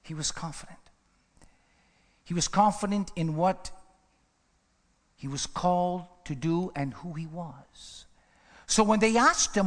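A man preaching a sermon with passion, swinging from hushed asides to rising emphatic runs. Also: high-pitched, moderate pace, pauses often. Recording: reverberant hall.

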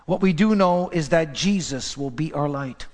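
A man's voice: on the high side, normal speed, darkish tone. A man preaching a sermon as pastor, fervent and emphatic. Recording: long hall reverb.

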